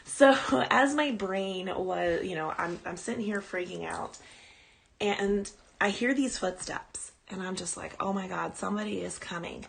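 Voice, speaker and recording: A woman podcast host chats her way through a personal ghost story on a live stream, rambling and breaking off to coo at her dog. Her mid-range voice is gravelly, and her pace is measured.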